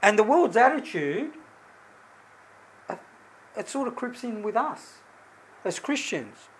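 A middle-aged man giving an informal sermon, mixing scripture with a personal story told in a chatty, animated way. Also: very high-pitched, slow, slight background noise, poor audio. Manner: conversational, animated storytelling with many restarts. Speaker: lay preacher.

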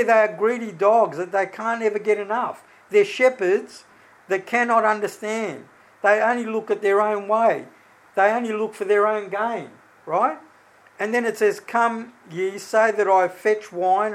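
A middle-aged man with a high, light voice preaches informally to a congregation. He reads scripture and tells stories from his own life in a loose, conversational manner, often restarting his sentences. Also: poor audio. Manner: conversational, animated storytelling with many restarts. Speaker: lay preacher. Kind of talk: informal sermon with personal stories.

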